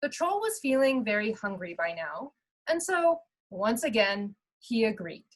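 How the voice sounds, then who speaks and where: Female storybook reader, slow expressive read-aloud for children. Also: on the high side, low-quality recording.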